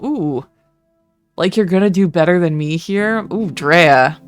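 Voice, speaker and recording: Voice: medium pitch, unhurried, clean tone. A streamer with a Canadian accent who chats casually while playing a game, swearing and joking. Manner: chatty, self-mocking, swears. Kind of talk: let's-play commentary and reading. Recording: soft music behind.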